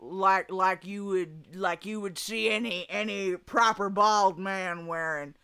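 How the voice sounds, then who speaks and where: Southern gal streaming, laughs a ton, bright bouncy voice but takes her time. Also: mid-range voice, takes it slowly, smooth. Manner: laughs often, animated, swears freely. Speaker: streamer chatting with her chat. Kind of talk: casual live-stream chat.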